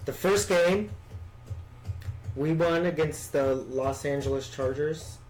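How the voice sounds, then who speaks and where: A man's voice: on the high side, takes it slowly, faint music behind, rough recording. A man chatting casually about football results, often unsure of the details. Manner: easygoing, hedging recaps. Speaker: podcast co-host. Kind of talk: casual chat about sports.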